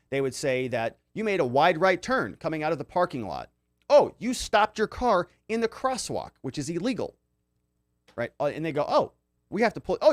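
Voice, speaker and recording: A man's voice: on the high side, no room sound, studio quality. A man hosting a casual commentary livestream, reading viewer comments aloud and reacting in a loose, conversational way with many fillers. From Arizona. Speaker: livestream host reading chat.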